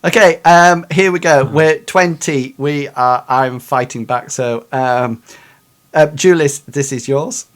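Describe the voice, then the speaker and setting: A man's voice: a little high, slow pace. A man running a tabletop game for friends as game master, hesitant and full of ums, joking around. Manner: hesitant, lots of ums, jokey.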